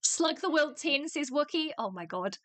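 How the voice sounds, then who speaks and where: A woman's voice: high voice, animated, normal speed, fairly bright tone, no echo. A woman hosting a casual livestream reaction chat, crude and teasing, laughing often as she talks over a video. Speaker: streamer host.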